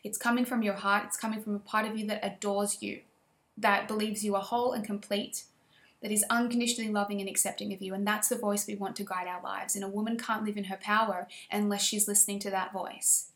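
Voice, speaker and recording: A woman's voice: mid-range voice, fairly even intonation, brisk, fairly bright tone, roomy sound. A woman coach giving a motivational course lesson in a passionate, emphatic, affirming way. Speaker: women's empowerment coach.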